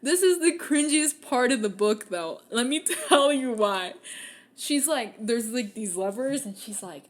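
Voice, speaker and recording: A woman's voice: a little high, a little slow. A young woman hosting a podcast, casually retelling a fantasy novel with lots of swearing and acted-out lines. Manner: animated, acts out characters' lines, swears freely. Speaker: podcast host. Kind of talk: casual book recap.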